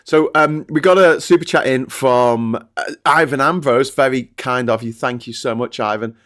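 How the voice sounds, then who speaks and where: A man's voice: medium pitch, moderate pace, a bit bright. A man hosting a casual live stream, chatty and laughing easily as he reads out viewer comments. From Britain. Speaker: host.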